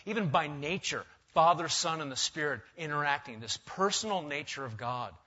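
A man preaching a sermon, emphatic, swinging from loud stressed words to quiet asides. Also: on the high side, animated, moderate pace. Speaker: pastor. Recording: dull lo-fi sound.

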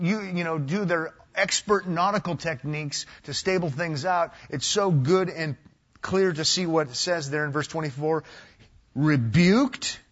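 A man from the United States preaching a sermon in a husky, slightly high voice. He swings between emphatic, raised passages and hushed, drawn-out lines. The recording sounds dull and lo-fi. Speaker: pastor.

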